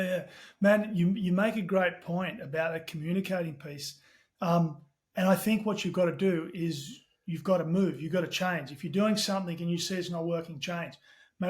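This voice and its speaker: A middle-aged Australian man, a podcast guest, telling animated stories in casual chat with the odd swear word. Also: sits high. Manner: animated storyteller, talks fast with casual swearing. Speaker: podcast guest, tech company CEO.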